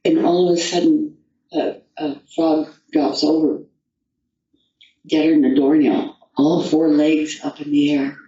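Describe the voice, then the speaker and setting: A woman storyteller telling a folktale and a personal story in an unhurried, rambling way with restarts. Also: low-pitched, little pitch movement, mellow. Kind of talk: told folktale and personal anecdote. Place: festival venue. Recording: dull distant echoey room recording.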